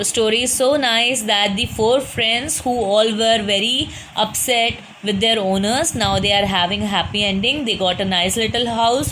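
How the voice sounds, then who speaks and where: A woman's voice: a little high, bright, forceful tone, a little hiss or hum, rough recording. A woman teacher with an Indian English accent reads a story lesson aloud and patiently explains each hard word. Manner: patient, repeats and explains words.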